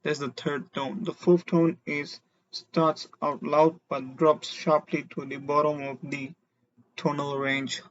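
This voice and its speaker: A man teaching a beginner Mandarin lesson, explaining slowly and deliberately and having learners repeat syllables after him. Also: on the high side, little pitch movement, muffled recording. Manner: slow, deliberate explanations with demonstrated tones.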